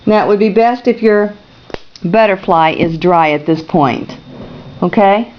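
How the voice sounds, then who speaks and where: A woman's voice: medium pitch, fairly even intonation, measured pace, muffled recording, slight background noise. Woman teaching a painting class. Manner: gentle, narrates each brush stroke, checks in with viewers. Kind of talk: step-by-step painting demonstration.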